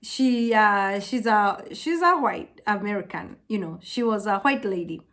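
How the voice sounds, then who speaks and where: A young woman from Africa chatting to her vlog audience, telling stories with lively acted-out quotes. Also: unhurried. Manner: animated storytelling, acts out quotes in high voices. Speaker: vlogger. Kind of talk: casual chat to camera.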